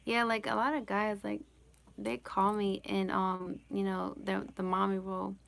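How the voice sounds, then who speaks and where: A woman's voice: medium pitch, flat delivery, normal speed, creaky, fairly bright tone. A woman hosting a casual live Q&A from home, rambling with lots of "like" and "you know" and giggling often. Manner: giggles often while talking. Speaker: live-stream host answering chat questions.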